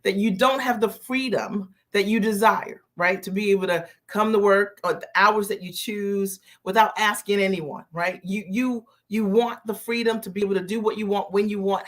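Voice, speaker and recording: A woman business coach hosting a live stream, greeting viewers by name and repeating her key phrases slowly for emphasis. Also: medium pitch, steady tone.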